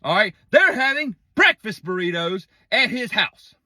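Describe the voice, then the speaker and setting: A middle-aged man tells a folksy, profane comic story. His voice sits high and bright. It is recorded close and dry. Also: sing-song, a little slow, no echo. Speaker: comedian telling a story. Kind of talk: casual storytelling monologue.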